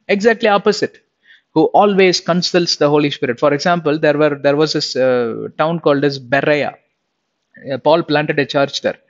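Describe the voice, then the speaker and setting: Man preaching, slightly higher voice, lo-fi sound. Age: young adult. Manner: conversational preaching, asks the listeners questions. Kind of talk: sermon.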